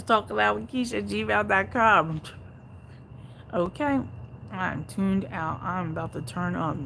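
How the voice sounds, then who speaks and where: A woman hosting a casual livestream, reading viewer comments aloud and reacting to them bluntly, with heavy swearing, swinging between low muttering and loud outbursts. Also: vocal fry, slight background noise, poor audio.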